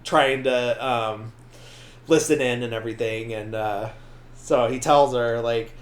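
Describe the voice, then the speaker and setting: A man's voice: mid-range voice, fairly even intonation, slow pace, fairly bright tone. A man hosting a podcast, casually retelling a movie scene by scene in a rambling way, full of fillers. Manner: rambling, filler-heavy retelling with acted-out quotes. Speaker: podcast host. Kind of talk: casual movie recap chat.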